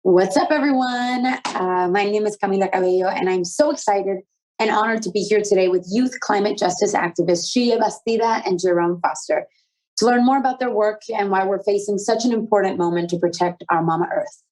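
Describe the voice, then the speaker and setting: A young adult woman hosts a youth conversation, mixing scripted presenting with casual questions in an eager, upbeat way. Her mid-range voice is brisk and darkish in tone, and the recording quality is low.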